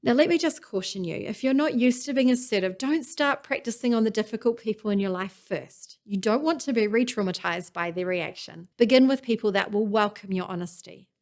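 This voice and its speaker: A woman gives a scripted teaching talk in a calm, earnest way. Her pitch sits in the middle of the usual range for a woman. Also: a little fast, hardly any pauses. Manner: calm, earnest, acts out example lines. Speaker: presenter.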